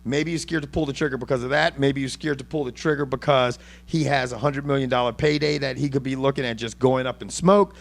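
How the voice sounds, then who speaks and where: A podcast host runs a casual boxing chat, swearing freely and rambling animatedly through his points with many restarts. His gravelly, medium-pitched voice moves briskly with few pauses.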